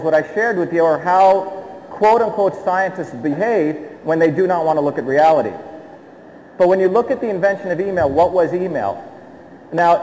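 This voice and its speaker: A man's voice: sits high, darkish tone. Emphatic man speaking in a reverberant hall. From India. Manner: emphatic, with frequent rhetorical check-ins. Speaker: speaker addressing an audience. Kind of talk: public talk. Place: hall with an audience.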